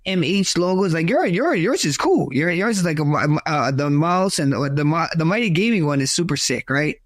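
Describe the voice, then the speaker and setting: Animated man telling fight stories. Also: a little high, normal speed, no echo, studio quality. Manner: animated storyteller, acts out quotes; says "bro" and "like" often. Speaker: guest fighter. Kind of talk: casual podcast chat.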